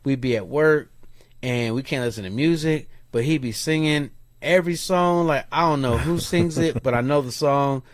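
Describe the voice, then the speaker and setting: A podcast co-host, male, with a mid-range voice, tells a story in a relaxed, slangy, lively way, mimicking other people's voices when he quotes them. He speaks at a moderate pace, and the recording is dry and close with no echo.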